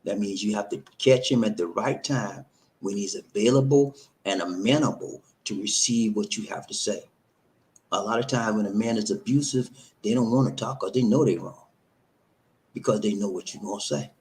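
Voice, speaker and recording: A man's voice: on the low side, moderate pace, darkish tone, low-quality recording. A man hosting a live stream, giving relationship advice in an emphatic, repetitive, preacher-like cadence. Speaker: host.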